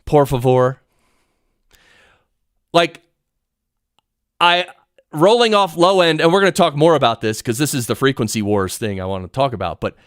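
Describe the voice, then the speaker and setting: A man teaching podcast audio production on a live stream, rambling and excitable, often interrupting himself, speaking into a studio mic in a home studio. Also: on the high side, no echo. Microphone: studio mic through audio recorder.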